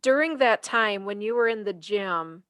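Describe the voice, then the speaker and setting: A woman's voice: medium pitch, expressive, normal speed, fairly bright tone, smooth, no room sound. A woman podcast co-host with a middling voice in a dry, close recording. She asks long questions that wander and correct themselves. Her tone is conversational throughout. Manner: rambling, self-correcting questions.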